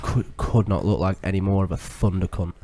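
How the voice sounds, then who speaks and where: Lowish man, jokey co-host, faint noise behind. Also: steady tone. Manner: quick jokey interjections. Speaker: podcast co-host. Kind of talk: casual chat.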